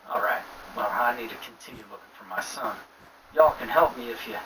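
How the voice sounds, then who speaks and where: A man's voice: medium pitch, lively intonation, brisk, bright, forceful tone. A man voicing a middle-aged bearded father in a trucker hat, folksy and incredulous, with a slight Southern accent. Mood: worried. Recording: distant mic with clear noise.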